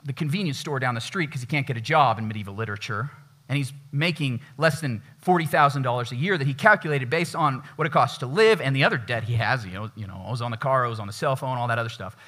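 A man's voice: medium pitch, lively intonation, fast talker, pushed and bright. A male pastor giving a conversational sermon in a church, acting out quoted voices as he preaches.

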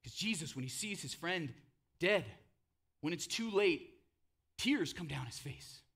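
Bright-voiced preaching man in his thirties. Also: on the high side, expressive, measured pace, gravelly, husky. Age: 30s. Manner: passionate, conversational preaching with frequent "right?". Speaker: pastor. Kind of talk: sermon.

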